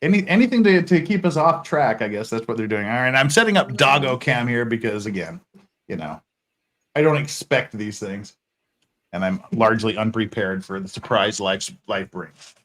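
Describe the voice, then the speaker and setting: A man's voice: fairly low pitch, normal speed. A man hosting a casual livestream about a trial, talking wryly and thinking aloud. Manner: lively, wry, thinking aloud. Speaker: show host. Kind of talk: casual livestream legal commentary.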